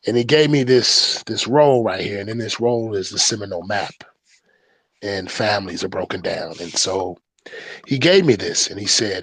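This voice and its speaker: Animated man telling a story, dry sound. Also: lowish voice, normal speed, breathy edge, no echo. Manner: animated, slangy storyteller who jumps into loud excited quotes; frequent "right?" and "you know" tags. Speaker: podcast guest. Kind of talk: casual storytelling.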